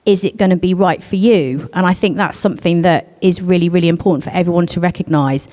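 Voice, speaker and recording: A woman's voice: on the low side, mellow. Woman speaking in a reverberant hall. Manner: candid, hesitant with many pauses, gets emotional. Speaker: panellist. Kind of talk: panel discussion, personal story. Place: conference hall.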